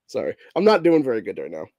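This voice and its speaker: A man's voice: mid-range voice, warm tone, no room sound, clean studio sound. A sick-sounding man hosting a political podcast, ranting angrily and swearing constantly, with "dude" at the end of nearly every line. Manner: profane, heated, says dude constantly. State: sick, voice messed up. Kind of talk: angry political rant.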